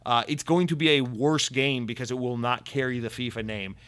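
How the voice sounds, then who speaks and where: A man's voice: mid-range voice, steady tone, brisk, fairly bright tone, clear, resonant tone. A man hosting a casual gaming news commentary, sarcastic and ranting, swearing often.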